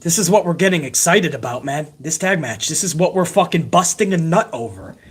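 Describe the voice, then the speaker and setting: A man's voice: a little high, expressive, fairly quick, breathy edge. A man tears through a wrestling show recap with heated, sarcastic outrage. He swears constantly and sounds fed up at every turn. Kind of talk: profane ranting show recap.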